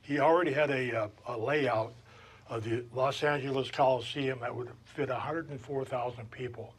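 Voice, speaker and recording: A man's voice: mid-range voice, normal speed, husky. An older man, a retired wrestler, casually telling stories at a table and acting out other people's voices as he goes. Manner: animated, acts out other people's voices in anecdotes. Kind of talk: casual storytelling at a table chat.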